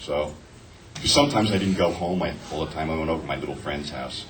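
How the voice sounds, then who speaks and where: A man in his fifties, a panel guest, telling profane, animated anecdotes and acting out the quotes, picked up from a distance with faint noise. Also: very deep voice, fast talker. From New Jersey. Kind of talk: casual convention panel storytelling. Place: convention panel room.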